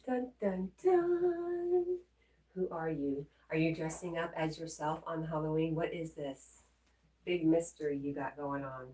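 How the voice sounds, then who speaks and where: Low-voiced lady chatting on a live stream, teasing and playful, roomy echo, a bit off the mic. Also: flat delivery, moderate pace, warm tone, far from the mic. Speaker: livestream host. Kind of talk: casual live chat.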